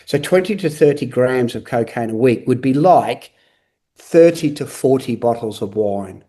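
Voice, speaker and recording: Earnest man telling his story, mellow voice. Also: mid-range voice, animated. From Australia. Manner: earnest, repetitive, halting restarts. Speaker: guest. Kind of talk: candid interview talk.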